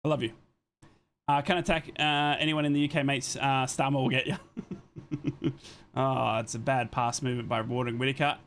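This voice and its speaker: A man's voice: medium pitch, steady tone, fairly bright tone, slight background noise. A man hosting a live football watchalong, giving casual play-by-play and chatting with viewers' comments, often apologizing as he goes. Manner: chatty, reads and answers viewer comments between plays; apologetic, quick to say sorry.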